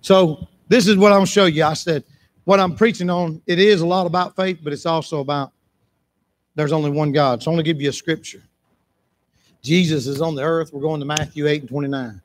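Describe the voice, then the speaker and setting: A man preaching a sermon in church, impassioned, repeating phrases for emphasis and breaking into shouts. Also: fairly high pitch, fairly even intonation, brisk.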